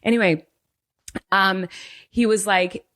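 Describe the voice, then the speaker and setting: A woman co-hosting a casual podcast, telling a story in an animated, self-deprecating way. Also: mid-range voice, slow, no room sound, studio quality. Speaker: podcast co-host.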